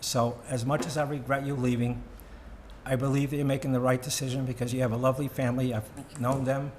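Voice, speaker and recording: A former board member giving heartfelt public comment at a town meeting, earnest and plain with frequent fillers. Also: male voice, mid-range voice, flat delivery, brisk, a little mellow, slight background noise.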